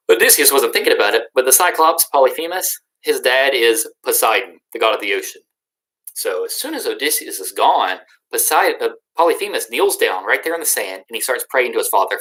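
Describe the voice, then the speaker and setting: A young man teaches a recorded lesson and retells an old epic in loose, slangy everyday talk. He jokes along the way, with a voice of middling pitch that keeps things informal and easygoing. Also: sing-song, a little fast, a bit bright, low-quality recording. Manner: casual, slangy, joking. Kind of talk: casual recorded lesson recap.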